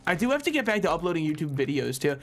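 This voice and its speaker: A man's voice: on the high side, sing-song, racing, a bit bright. A young man streaming a video game, chatting casually while he plays, cracking self-deprecating jokes and swearing freely. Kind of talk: casual gameplay commentary. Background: game music.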